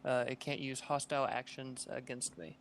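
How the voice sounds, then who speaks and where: A man with a very flat, even delivery describes his moves at a tabletop game in a slow, measured way. A faint noise floor runs under him. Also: medium pitch. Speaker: player. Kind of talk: casual tabletop play.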